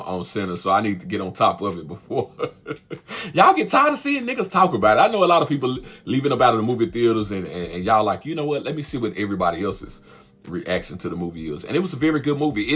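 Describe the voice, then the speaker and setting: Husky, chatty man reviewing a film. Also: medium pitch. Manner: chatty and animated, laughs often, keeps asking "you know what I'm saying". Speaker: movie reviewer, channel host. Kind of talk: casual spoken movie review.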